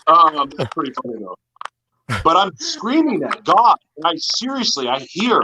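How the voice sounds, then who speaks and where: A man's voice: fairly high pitch, huge pitch swings, moderate pace, a crowd in the background, poor audio. A man in an interview, telling his personal story in an earnest, confessional way. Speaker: guest.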